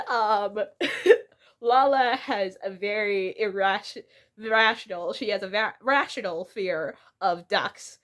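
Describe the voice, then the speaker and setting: Woman, young adult, giggly, self-mocking, slow pace, lively swooping pitch, reading her old comic. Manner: giggly, breaks into laughter often. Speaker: vlogger.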